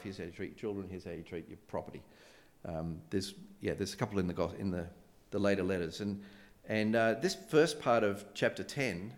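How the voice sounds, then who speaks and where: A man's voice: fairly low pitch, darkish tone. A man preaching a sermon in a loose, conversational way, retelling scenes with animation and frequent fillers and restarts.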